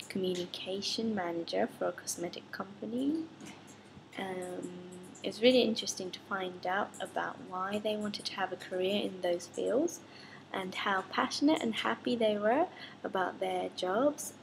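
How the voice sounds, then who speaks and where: A young woman teaching English conversation, giving a friendly, clear spoken summary of a class with a few ums. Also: mid-range voice, a little hiss or hum, low-quality recording.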